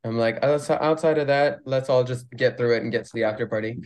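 A man's voice: mid-range voice, fairly quick, a little mellow. A man guesting on a podcast who talks earnestly and thoughtfully about performing. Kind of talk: casual chat.

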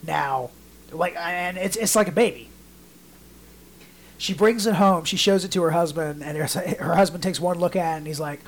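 A man's voice: a little high, normal speed, slight background noise. A man co-hosting a casual podcast, telling rambling stories in a loose, chatty way. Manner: rambling storyteller, acts out quotes in mock voices. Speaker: podcast co-host.

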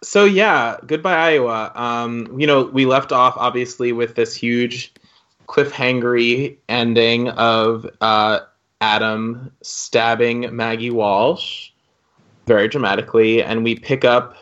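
Man, podcast co-host, bright tone, rambly and giggly, lo-fi recording. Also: medium pitch, steady tone, slow pace. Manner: rambling, laughs often, swears casually. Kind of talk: casual podcast chat.

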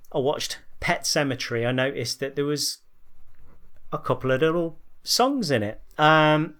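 A man co-hosting a podcast who chats in a relaxed, joking way and runs a quick quiz. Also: on the high side. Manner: laid-back, joking. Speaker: podcast co-host. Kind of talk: casual chat.

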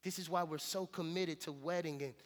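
A male pastor preaching a sermon in a relaxed, conversational, storytelling way, with casual slang. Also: fairly high pitch, fairly quick, big-room sound. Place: church sanctuary.

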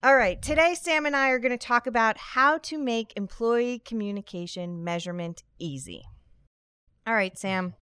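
A woman's voice: fairly high pitch, normal speed, a bit bright, smooth, no echo. A woman hosting a scripted podcast conversation, upbeat with a dry, sarcastic humor. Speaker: podcast host.

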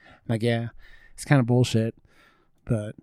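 A man's voice: mid-range voice, little pitch movement, measured pace, warm tone, no room sound, studio quality. An American man co-hosting a casual chat, rambling and swearing, with lots of fillers. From United States. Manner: rambling, profane, full of fillers. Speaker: podcast co-host.

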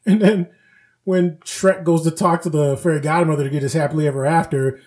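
A man co-hosting a casual podcast, telling stories with lively acted-out quotes. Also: on the high side, a little fast. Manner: animated storyteller, acts out quotes. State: recovering from flu. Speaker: podcast co-host. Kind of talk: casual chat.

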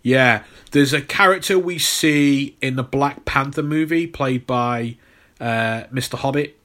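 A man's voice: mid-range voice, a little slow, fairly bright tone. A man co-hosting a podcast in casual chat, rambling with lots of fillers and repeated words. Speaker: podcast co-host.

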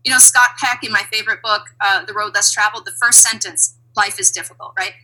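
A woman talking as an interview guest, reflective and animated, laughing now and then. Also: mid-range voice, fast, low-quality recording. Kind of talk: conversational interview.

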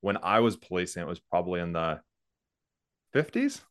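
Deep-voiced former police officer. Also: male voice, moderate pace, dry recording, studio quality. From United States. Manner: relaxed, laughs often, restarts sentences. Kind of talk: casual interview conversation.

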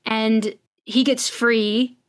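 Speaking very slowly, a woman with a fairly high voice and little pitch movement co-hosts a podcast. Her episode recaps are casual and chatty, told as stories, and she performs the quotes.

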